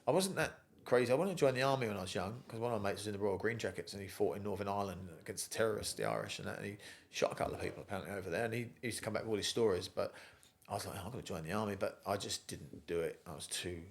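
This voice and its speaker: Middle-aged English man, lowish voice, quick chatty yarns, swears freely, accent half Aussie now. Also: creaky. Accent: English, softened toward Australian. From England. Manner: chatty yarn-spinner, swears freely, laughs through stories. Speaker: guest, gym founder. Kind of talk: casual storytelling interview.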